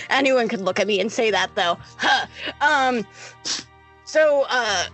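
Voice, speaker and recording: A woman playing a tabletop role-play game, excitable and giggling through her turns. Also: a little high, measured pace, soft background music. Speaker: player.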